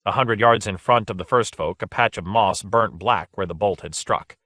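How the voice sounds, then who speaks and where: This is scripted audiobook narration from a man whose voice sits on the low side. He reads steadily and with measured control, and the studio-quality recording carries no room sound.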